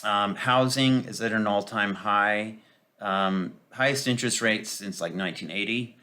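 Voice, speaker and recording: A man giving a casual, sarcastic political commentary, full of mocking asides and hesitant filler pauses. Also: lowish voice, sharp tone.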